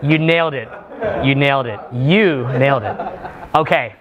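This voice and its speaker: A man leading a live workshop for a small group, talking in a profane, animated way with mock rants. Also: medium pitch, normal speed. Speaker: seminar speaker.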